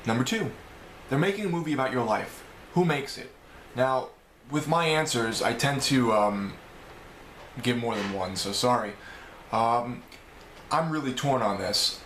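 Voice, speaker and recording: A man with a New York accent talks casually to his camera, rambling and correcting himself as he works through a list of questions. His voice sits at an ordinary middle pitch. The room around him is roomy and echoing, with a faint hum of ambience behind. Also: a bit bright. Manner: rambling, self-correcting, chatty. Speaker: video blogger. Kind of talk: casual vlog answering questions. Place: home room.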